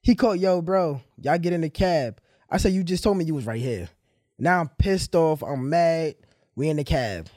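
A man's voice: a little high, normal speed, no echo, studio quality. A young man hosting a podcast, telling a story and acting out the people in it. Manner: animated storyteller, acts out dialogue. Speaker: podcast host. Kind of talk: casual storytelling chat.

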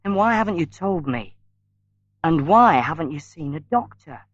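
A man's voice: a little high, sing-song, moderate pace, no room sound, highs cut off, pitched above the performer's own voice. A man voicing a defensive young man. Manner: defensive, sharp.

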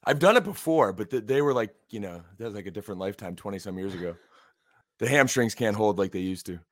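A man's voice: lowish voice, expressive, fast, dry recording, clean studio sound. A man in his forties co-hosting a podcast, friendly and joking in loose casual chat. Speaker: podcast co-host.

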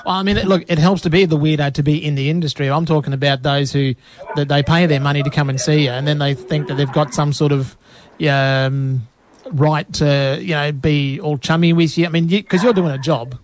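Man, radio host, relaxed and jokey, fairly high voice, faint background noise. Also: fairly quick. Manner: relaxed, jokey, hesitant fillers. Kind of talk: casual radio chat.

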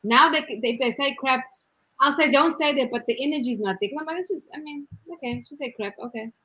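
A woman in casual chat about raising her daughters, blunt and animated, laughing often. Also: sits high, fairly quick, poor audio.

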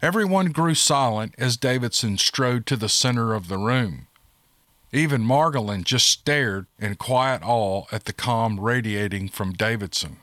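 A man giving steady, scripted narration of a monster-hunting audiobook. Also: medium pitch, measured pace, dry recording, clean studio sound.

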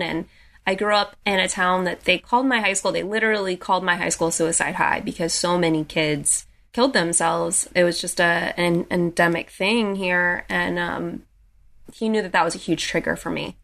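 A woman's voice: fairly low pitch, fairly even intonation, moderate pace, gravelly, fairly bright tone. A young adult woman recounting a personal story in a casual way, with frequent "like" and restarts.

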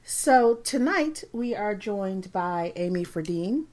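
A woman's voice: medium pitch, lively intonation, slow, a little mellow. Woman co-host, casual and giggly, hesitant with fillers. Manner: giggly, rambling with many ums. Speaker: podcast co-host. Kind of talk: casual chat.

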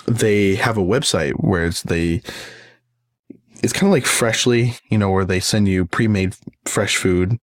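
A man with a very low voice talks casually and at length as a parent. He rambles, swears freely and restarts his sentences often. The recording is dry and close. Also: dry recording. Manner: rambling, profane, many restarts. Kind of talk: casual monologue.

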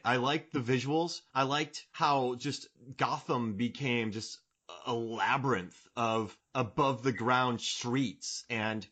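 A man's voice: mid-range voice, pushed and bright. A man in his forties hosting a casual podcast chat, joking and rambling, fond of comic bits. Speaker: podcast host.

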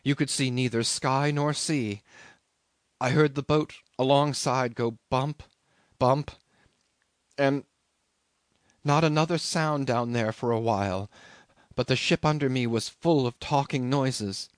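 A man voicing a shaken young sailor who recounts a disaster in a hushed, flat, haunted way. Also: slow pace, pauses often, dry recording, lightly acted. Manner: quiet, flat, low-voiced telling.

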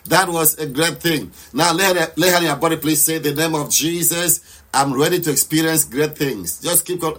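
A fervent male preacher with a fairly high voice leads a live prayer session. He commands listeners to pray with passion and repeats declarations with mounting intensity. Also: brisk, fairly bright tone. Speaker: preacher leading online prayer.

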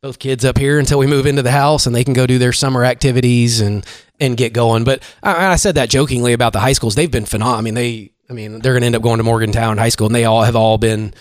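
A middle-aged man talks casually as a podcast guest, telling anecdotes and slipping into voices for the people he quotes. His voice sits at an ordinary pitch, and the recording is dry and close with little room sound. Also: fast talker, no room sound. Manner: animated storyteller, acts out quotes. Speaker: women's basketball coach.

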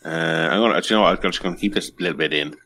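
Man, co-host, casual chat, low voice, joking, reads stories aloud. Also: racing, sharp tone, slightly rough. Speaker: podcast co-host.

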